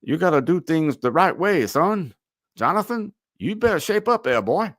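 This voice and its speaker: Man doing a blustery southern old-timer voice, drawly, bossy, pitched way up. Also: sing-song, moderate pace, fairly bright tone, dry recording, clean studio sound. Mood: scolding. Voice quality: drawling, scolding. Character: blustering older Southern male board member.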